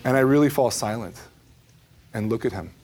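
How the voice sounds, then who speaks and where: Animated man giving a talk on faith. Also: mid-range voice, normal speed, slight background noise. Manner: conversational, animated, with asides like "right?". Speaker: Catholic speaker on the Eucharist. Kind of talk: talk on prayer and adoration.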